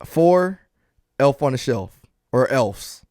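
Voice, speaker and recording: A man hosting a casual podcast, upbeat and quick to laugh, turning earnest at the close. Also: mid-range voice, lively intonation, a little mellow, no echo. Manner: upbeat, laughs easily, earnest when closing. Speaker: podcast host.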